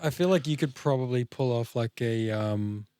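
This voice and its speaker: A man's voice: mid-range voice, normal speed, warm tone, clean tone, no room sound, clean studio sound. A man chatting casually on a podcast, joking and swearing easily. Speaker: podcast co-host. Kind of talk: casual chat.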